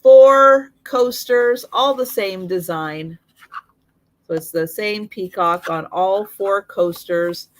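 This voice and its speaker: A woman hosting a live online sale, listing vintage items and prices one by one with fillers, her voice slightly worn. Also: lowish voice. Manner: slow, item-by-item pricing with fillers.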